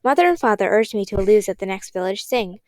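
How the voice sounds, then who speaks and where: A woman narrating a novel in a gentle, measured reading voice. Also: medium pitch, expressive, dry recording. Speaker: audiobook reader. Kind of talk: storybook narration.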